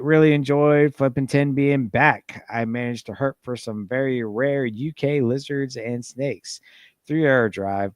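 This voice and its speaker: A man's voice: fairly low pitch, no room sound, clean studio sound. A man hosting a casual podcast, reading out listener messages in a laid-back, rambling way. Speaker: podcast host.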